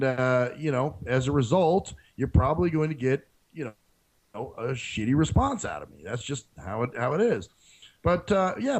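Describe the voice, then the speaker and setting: A man's voice: on the high side, breathy edge, low-quality recording. A man hosting his own radio show, ranting frankly in a casual solo monologue and swearing freely.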